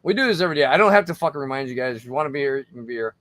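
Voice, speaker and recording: A man's voice: medium pitch, expressive, rapid-fire, fairly bright tone, dry recording. A tipsy man hosting a casual livestream, rambling and swearing between laughs. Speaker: livestream host.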